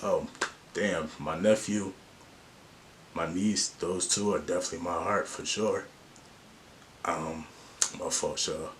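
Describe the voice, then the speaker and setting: A man's voice: sits low, fairly even intonation, slow pace, pauses often, slight background noise. A man vlogging life advice in a slangy, earnest and open way. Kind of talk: casual to-camera talk.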